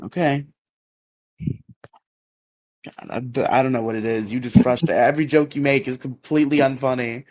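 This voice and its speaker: A man co-hosting a casual podcast, retelling episodes with filler words and quick high-pitched character impressions. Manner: lively retelling, jumps into exaggerated high voices for characters. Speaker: podcast co-host recapping episodes. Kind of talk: casual recap chat.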